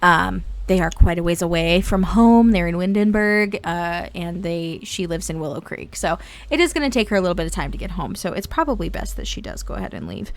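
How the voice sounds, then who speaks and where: A woman from Indiana giving bubbly, excitable, casual commentary on a life-sim game as the channel's host. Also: fairly low pitch, fairly quick, hardly any pauses, no room sound.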